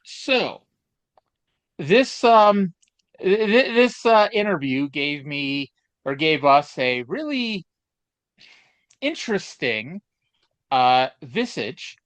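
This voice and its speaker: A man's voice: on the high side, very animated, slow pace, pauses often, fairly bright tone, no room sound. A man co-hosting a casual chat podcast, telling stories in a rambling, hesitant way with many fillers. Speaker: podcast co-host. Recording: dull lo-fi dry sound.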